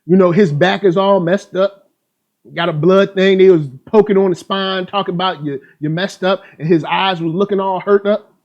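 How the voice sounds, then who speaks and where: A man's voice: sits high, steady tone, moderate pace, darkish tone, dull audio. A man hosting a live stream trailer reaction chat, talking in a hype, playful, slang-filled way. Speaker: host.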